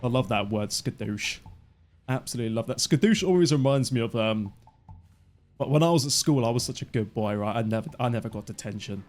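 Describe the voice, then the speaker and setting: A man in his twenties giving live, excitable commentary on his own gameplay as a streamer. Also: medium pitch, brisk, faint music behind. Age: 20s. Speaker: gaming streamer.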